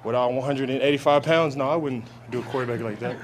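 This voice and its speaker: A young football player's steady, mid-range voice carries his press conference answers at outdoor camp. He speaks haltingly, frequently restarting with fillers.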